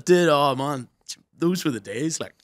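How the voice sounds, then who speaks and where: A young man, co-hosting a comedy podcast in crude, laughing, quick banter. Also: a little high, lively intonation, no echo, clean studio sound. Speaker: podcast co-host. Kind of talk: casual comedy podcast chat.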